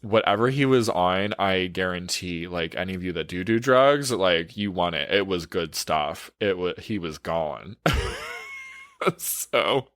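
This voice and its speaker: A man's voice: low voice, a little slow, a bit bright, dry recording, studio quality. A man, a relationship coach, telling a frank, profane story in a casual storytime, full of "like" fillers.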